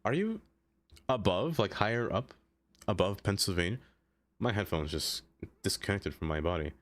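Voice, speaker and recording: A man with a fairly low voice chats casually on a live stream and talks to viewers by name. He rambles, drifts between thoughts and fills his sentences with "like." His tone is loose and easygoing, never scripted. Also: lively intonation, moderate pace, a bit bright. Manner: rambling, chatty, answers viewers by name, many "like" fillers. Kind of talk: casual live-stream chat while playing a city-building game.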